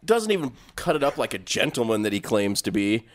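A man's voice: on the low side, very animated, fairly quick, a little hiss or hum. A man mocking a friend with crude jokes in rowdy casual chat on a podcast. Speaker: podcast co-host.

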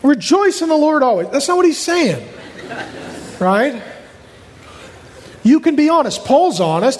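A man delivers a sermon to his congregation in a high, lively voice, acting out complaining voices and adding jokes. His voice carries a long reverb from a large hall. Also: moderate pace, a little hiss or hum. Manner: animated, acts out quoted voices, jokes with the congregation. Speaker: pastor.

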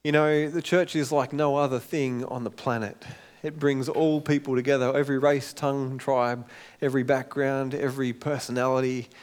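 A man's voice: mid-range voice, little pitch movement, moderate pace, darkish tone. A middle-aged man, preaching a sermon in a conversational way and acting out the quotes. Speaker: pastor.

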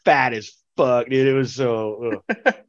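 A man's voice: medium pitch, slow pace, no echo, dull audio. A man in casual chat, telling rambling stories full of swearing and laughs. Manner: rambling, profane storytelling with laughs. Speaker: podcast co-host.

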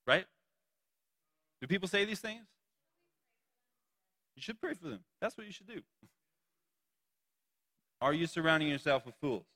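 Bright-voiced playful male pastor. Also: on the high side, sing-song, unhurried, pauses often, long reverb tail. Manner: playful, joking with a young audience. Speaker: youth pastor. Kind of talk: sermon.

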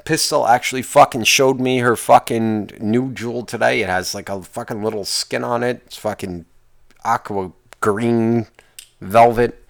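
A man of middle pitch rants solo on his own podcast, swearing freely and sounding exasperated. His voice jumps up high whenever he gets worked up, then drops back down. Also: fairly even intonation, moderate pace, gravelly, hardly any pauses, fairly bright tone. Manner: profane, exasperated ranting. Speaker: podcast host. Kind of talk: casual solo podcast rant.

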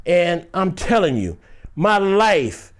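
Animated man telling a dramatic story. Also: high voice, slow pace. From Detroit, US. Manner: animated, acts out every voice in the story. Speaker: actor. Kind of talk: storytelling in a chat.

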